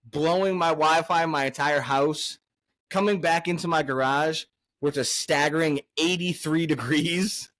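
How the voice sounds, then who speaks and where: A man's voice: fairly high pitch, moderate pace, fairly bright tone, no echo. A man hosting a casual podcast, swearing constantly and swinging from angry rants to hyped cheer. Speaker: podcast host.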